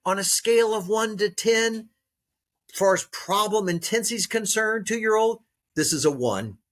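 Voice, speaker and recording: A man's voice: sits high, expressive, normal speed, fairly bright tone. A man, a dog trainer and author, speaking as a guest in a podcast interview, stressing and repeating key words like a coach. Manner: coaching, teacherly.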